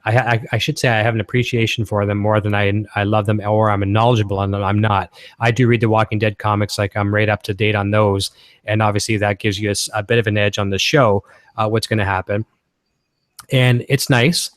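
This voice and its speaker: A man's voice: fairly low pitch, flat delivery, fairly quick, no room sound, studio quality. A man from Canada hosting a casual guitar-gear livestream, talking in an enthusiastic, rambling way.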